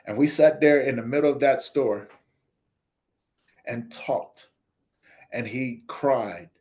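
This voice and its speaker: This podcast guest, a nonprofit founder, is an animated storyteller recounting something personal. His voice changes with the dialogue he performs, quieter and lower for the people he quotes, then louder and livelier elsewhere.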